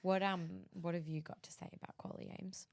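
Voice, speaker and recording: A woman's voice: fairly low pitch, flat delivery, brisk, vocal fry, a little mellow, no echo, studio quality. A woman co-hosting a podcast in casual chat, wry and playful. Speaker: podcast co-host.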